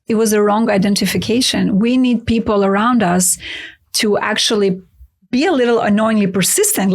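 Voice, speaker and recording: Woman guest, mid-range voice, animated and chatty storyteller. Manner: lively, acts out quoted voices with jumps in pitch; says "LOL" aloud, quick and chatty. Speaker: guest author.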